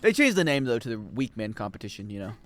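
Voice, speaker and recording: A man chatting casually and joking with his chat while he plays a game on a livestream, swinging between loud outbursts and mumbled asides. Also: fairly low pitch, big pitch swings, fast, a little hiss or hum. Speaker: game streamer.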